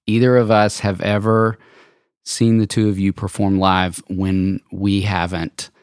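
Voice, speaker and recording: A man's voice: low voice, little pitch movement, unhurried, clear, resonant tone, no echo, clean studio sound. A man hosting a podcast, introducing his guests with praise. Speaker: podcast host. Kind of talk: casual interview.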